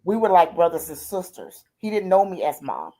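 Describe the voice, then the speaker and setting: A grandmother with a warm, sing-song voice on the low side speaks at normal speed. She's the guest on a streamed interview, recounting her life in a heartfelt, colloquial style, with frequent "I said" and "she said."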